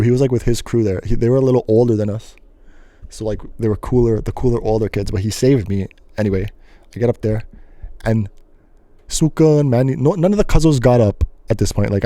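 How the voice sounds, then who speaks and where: A young man hosting a solo podcast, telling a rambling story in an animated way with sudden loud yelps and bits of singing. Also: on the low side, no echo. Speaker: host.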